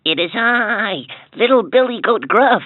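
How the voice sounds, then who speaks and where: A little young billy goat pipes up in a high, lively voice, as a man puts it on. His lines come slowly and lightly. It plays through a tinny, dry toy speaker. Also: dry recording. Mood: eager. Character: small, young male billy goat, eager. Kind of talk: storybook character voice.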